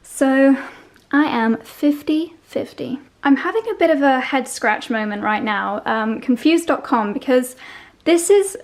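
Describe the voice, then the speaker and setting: A woman's voice: sits high, expressive, a little slow. A young woman, chatting casually through a fashion try-on vlog, gushing and easily sidetracked. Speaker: fashion vlogger.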